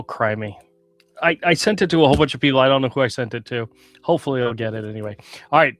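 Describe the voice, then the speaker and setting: A man's voice: mid-range voice, fairly bright tone, dry recording. A man hosting a casual live stream, rambling through stories in a self-mocking way and laughing often. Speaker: podcast host. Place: small room with some echo.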